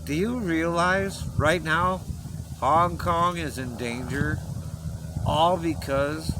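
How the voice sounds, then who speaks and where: A man's voice: fairly high pitch, animated, slow, noisy background. A man delivering an impassioned, rambling personal message to his viewers, earnest and emotional, pleading with them to listen. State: choked up. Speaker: vlogger.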